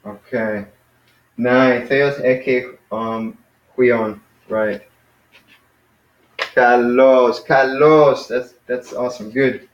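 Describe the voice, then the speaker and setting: A man's voice: mid-range voice, fairly even intonation, a little hiss or hum. Male tutor, patient and encouraging, in an echoey space on a muffled recording. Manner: encouraging, patient, drills pronunciation slowly. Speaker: Greek teacher. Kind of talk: casual one-on-one lesson. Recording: roomy, dull lo-fi sound.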